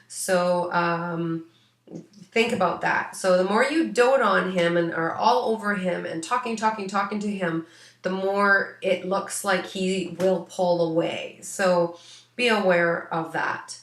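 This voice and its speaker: A woman's voice: mid-range voice, a bit bright, roomy sound. A woman working as an animal psychic, giving a rambling, casual reading full of fillers. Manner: rambling, many fillers, chatty. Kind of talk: casual spoken reading for a client.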